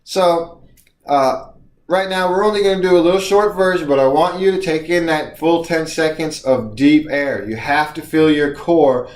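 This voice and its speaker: A speaking coach, male, leads viewers through breathing exercises in a video lesson, offering encouragement and clear instruction. He speaks at a moderate pace with a fairly high pitch, and the room echoes.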